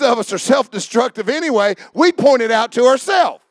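A pastor preaching a sermon, quizzing the congregation and often shouting. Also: male voice, very high-pitched, animated, fairly quick, no echo, clean studio sound.

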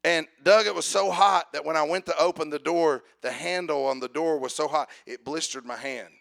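A man preaching a sermon, telling a personal story with acted dialogue and building to loud calls for amen. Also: a little high, steady tone, normal speed, gravelly.

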